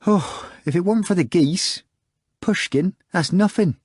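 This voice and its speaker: A man's voice: low-pitched, moderate pace, darkish tone, slightly rough, no room sound, clean studio sound. A man doing a sighing, mournful bearded man.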